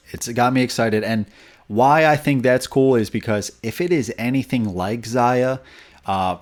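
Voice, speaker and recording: Guy with a lowish voice gushing about board games, casual and rambly. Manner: enthusiastic, rambling with fillers and restarts. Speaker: board game channel host. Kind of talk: casual video review and speculation.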